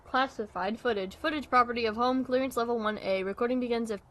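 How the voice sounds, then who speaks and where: A woman's voice: fairly high pitch, fast, a bit bright. A young woman streaming a horror game. She reads the on-screen text aloud and rambles in a casual, self-deprecating way while eating dinner.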